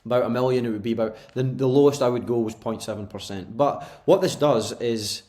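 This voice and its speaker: Over a remote call, a podcast co-host from Scotland talks in a relaxed, easygoing way and laughs readily. He speaks a little fast, in a medium-pitched voice with a dark tone.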